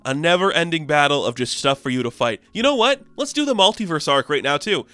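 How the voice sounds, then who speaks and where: A man's voice: fairly high pitch, animated, fairly quick, clear, resonant tone, no echo. A man voicing a greedy, bossy male TV director who rants and mocks. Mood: ranting. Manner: loud, ranting, mocking.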